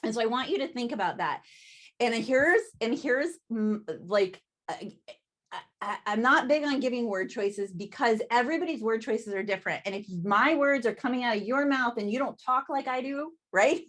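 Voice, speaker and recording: A woman's voice: on the high side, expressive, moderate pace, a bit bright. A woman giving a chatty sales training talk over a video call, often laughing and asking "right?".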